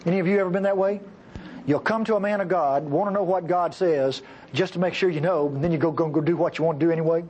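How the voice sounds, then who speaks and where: A man preaching a sermon with passion, acting out the voices he quotes and jumping between high and low. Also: fast, darkish tone, dull audio, a little hiss or hum.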